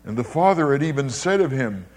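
This older preacher gives a dramatic, animated sermon at a fairly quick clip. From an ordinary middle pitch he lurches between loud, high emphasis and low, hushed phrases, repeating words for weight.

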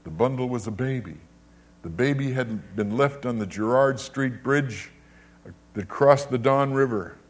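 An older man preaching a sermon in an emphatic way, with big rises and drops in pitch and loudness, often repeating his words. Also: a little slow, slightly rough.

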